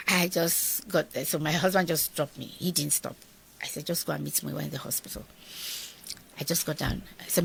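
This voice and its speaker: A middle-aged Nigerian woman telling a personal story in an interview, animated and acting out the dialogue of the people in it. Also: fairly low pitch, a little fast, gravelly, slight background noise. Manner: animated, acts out quoted dialogue. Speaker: guest.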